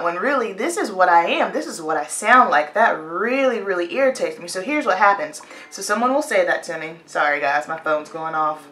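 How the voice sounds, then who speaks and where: A candid, opinionated woman in her late twenties talks straight to camera in a relaxed get-ready-with-me chat. Her voice sits fairly low but has a bright, forceful edge. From United States (Virginia, North Carolina). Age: late 20s. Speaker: hairstylist and beauty vlogger.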